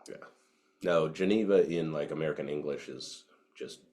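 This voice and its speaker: With a very deep, slightly mellow voice at a moderate pace, a man co-hosts a podcast from home. Over whiskey and cigars he keeps things easygoing and profane, leaning heavily on fillers.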